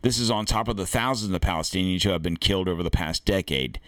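A deep-voiced American man hosts a political commentary podcast. He reads an article aloud and stops to add blunt, cursing asides of his own. The sound is dry and close. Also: fast talker, a bit bright, no echo. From United States. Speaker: podcast host. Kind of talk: opinionated commentary reading an article.

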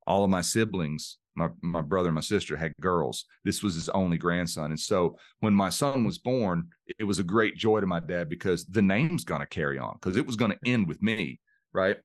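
A man's voice: deep voice, moderate pace, dry recording, clean studio sound. A middle-aged man, a podcast guest, earnestly telling a personal story and openly showing emotion. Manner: earnest, open about emotion, repeats words while searching. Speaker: podcast guest, mind coach. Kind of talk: reflective interview storytelling.

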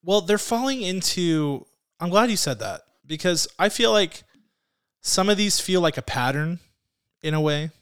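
Smooth-voiced man in casual podcast chat. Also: sits high, animated, unhurried, a bit bright. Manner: rambling, laughs often, searches for words. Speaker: podcast co-host.

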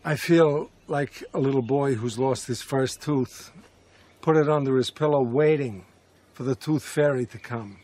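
A man doing a slow, drawn-out impression of his friend, stretching and stressing each word. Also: medium pitch, darkish tone, pitched above the performer's own voice, natural voice. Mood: wistful. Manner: slow, stretched, accentuated words.

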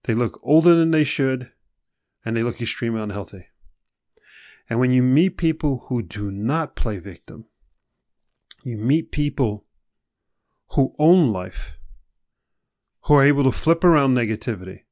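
A man's voice: mid-range voice, expressive, unhurried, pauses often, a little mellow, dry recording, clean studio sound. A man speaking straight to the listener in a motivational monologue, asking pointed questions and acting out people's excuses.

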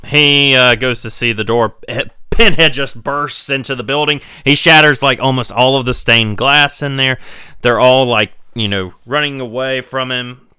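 A man's voice: mid-range voice, steady tone, normal speed, bright, forceful tone, clear, resonant tone, no echo, studio quality. A man co-hosting a horror film podcast, casually recapping scenes with rambling asides and swearing. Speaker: podcast co-host.

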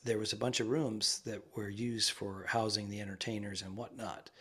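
A man co-hosting a podcast, talking casually and rambling from a quiet bedroom. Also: fairly low pitch, moderate pace, breathy edge. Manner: rambling, relaxed, trails off into murmurs. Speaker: podcast co-host. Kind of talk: casual chat. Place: quiet ensuite bedroom in a busy rental house. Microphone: remote podcast recording.

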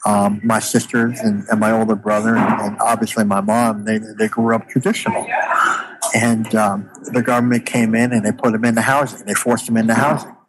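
A man in an interview telling a personal story with emotion, halting and often repeating his words, near tears. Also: on the low side, little pitch movement, very noisy. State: tearful.

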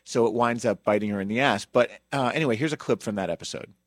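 A man hosting a podcast, telling a story in a loose, chatty way with plenty of asides. His voice is mid-pitched, and the sound is dry and close. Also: fast talker, no echo. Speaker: podcast host.

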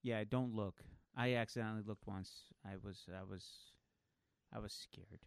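Dry-sounding man cracking deadpan jokes. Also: lowish voice, a little slow, clear, resonant tone, dry recording. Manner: joking, deadpan asides. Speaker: podcast co-host. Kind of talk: casual chat.

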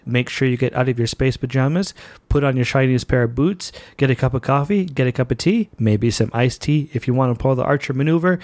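A man hosting a fan podcast, talking in a chatty, excitable and playful way about a show he loves. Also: medium pitch. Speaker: podcast host. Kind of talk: enthusiastic fan podcast monologue.

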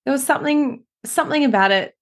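Chatty, expressive woman podcaster. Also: high-pitched. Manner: chatty and expressive, quick to laugh. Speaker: podcast co-host. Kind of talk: casual chat recapping a TV show.

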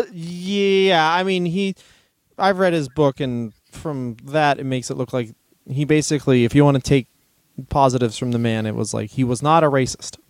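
A man's voice: a little high, steady tone, normal speed, no echo. A man co-hosting a comedy podcast, telling stories in casual chat and laughing often. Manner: storytelling, reads out history passages, laughs often.

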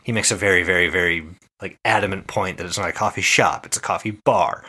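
A man's voice: sits low, fairly even intonation, fast, bright, forceful tone, slightly rough. A man on a podcast, casually telling a story in a laid-back way. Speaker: podcast co-host. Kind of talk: casual chat.

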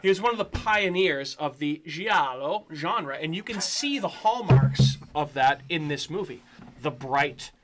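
A man's voice: fairly high pitch, lively intonation, a little slow, over loud music. A man hosting a casual podcast chat about films, playful and teasing. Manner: playful, mock-indignant teasing. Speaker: podcast host.

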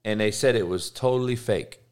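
A man hosting a podcast, ranting casually with heavy swearing, rambling tangents and loud bursts of disbelief. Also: lowish voice, fairly quick. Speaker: podcast host. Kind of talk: casual sports podcast rant.

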